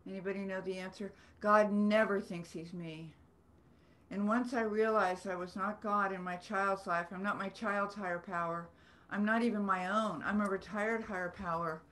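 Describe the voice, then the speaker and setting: A woman's voice: medium pitch, steady tone, normal speed, fairly bright tone. A woman, an author telling rambling, earnest stories with self-deprecating humor on a video call. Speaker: author guest. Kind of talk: storytelling in a video-call book club.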